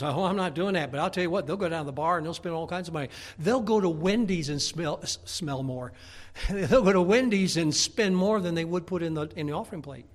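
A middle-aged man, a Baptist pastor, preaching a folksy, emphatic sermon, often stumbling over repeated words and breaking into shouts. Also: high voice, gravelly. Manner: repeats words when starting a thought.

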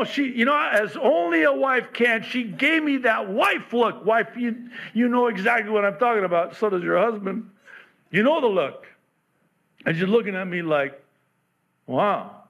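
A male pastor delivers a sermon at an unhurried pace, with a slightly raised speaking pitch. He speaks candidly and pokes fun at himself along the way. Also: gravelly, a bit bright, husky. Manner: candid, self-deprecating humor.

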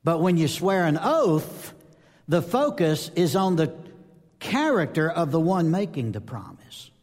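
Male preacher, fairly high voice, animated storyteller, live sermon in a big echoing hall. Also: a little slow. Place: church or conference hall. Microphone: speaking to a live audience. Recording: long reverb of a large hall.

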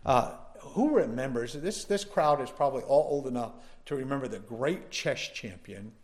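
A man's voice: mid-range voice, animated, moderate pace, darkish tone. A male pastor delivering a sermon, telling a personal story in a folksy way and building up to emphatic preaching.

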